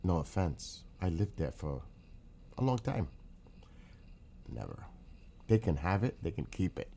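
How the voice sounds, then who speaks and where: Chatty deep-voiced New York man. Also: expressive, normal speed, warm tone, slight background noise. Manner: chatty, rambling, greets viewers by name. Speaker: livestream host. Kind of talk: casual morning livestream chat.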